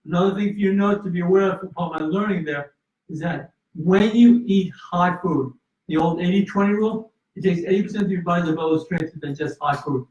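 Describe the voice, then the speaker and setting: A man's voice: high-pitched, a little fast, darkish tone. A man telling a personal story in an interview, earnest, with restarts and fillers. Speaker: guest. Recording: roomy, distant and slightly dull.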